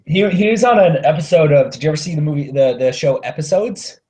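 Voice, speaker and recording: A young man chats on a casual movie podcast. He rants with plenty of swearing, his slightly high voice jumping from loud bursts to low mutters. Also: lively intonation, quick pace, a little hiss or hum. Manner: profane, ranting, swings between loud and mumbled. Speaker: podcast co-host.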